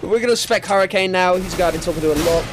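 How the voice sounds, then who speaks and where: A young man commentating his own gameplay, excitable and sweary, often yelping into squeaky high notes. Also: rapid-fire, noisy background. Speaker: gaming YouTuber. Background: game music and gunfire.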